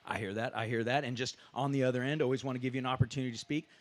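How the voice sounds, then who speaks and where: A man's voice: mid-range voice, steady tone, very fast. Man, fight commentator, press conference moderator, chatty, enthusiastic, filler-heavy. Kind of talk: casual press conference questions.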